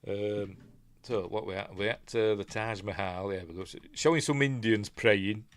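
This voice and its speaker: A man's voice: on the low side, moderate pace. A man with a Yorkshire accent rambling casually through a film breakdown, often trailing off and mumbling asides. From England. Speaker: film reviewer.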